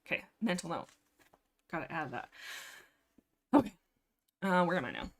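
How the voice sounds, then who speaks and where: A woman's voice: fairly low pitch, very animated, moderate pace, creaky, background noise. A woman hosting a casual book discussion livestream, rambling in a playful, sarcastic way from her desk mic. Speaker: livestream host.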